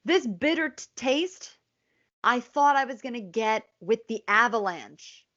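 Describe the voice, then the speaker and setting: A woman's voice: fairly high pitch, animated, measured pace, sharp tone. A woman co-hosting a casual beer review over a video call, playful and theatrical in how she talks. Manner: playful, theatrical, fond of mock-dramatic lines. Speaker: co-host of a beer review show. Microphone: video call setup. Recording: dull lo-fi video call audio.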